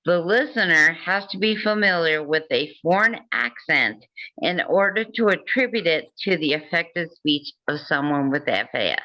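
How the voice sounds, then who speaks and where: A woman's voice: low-pitched, animated, moderate pace, bright, forceful tone, lo-fi sound. A woman hosting a casual talk, reading passages aloud and adding joking asides. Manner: reads passages then comments with jokes and laughs. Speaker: host.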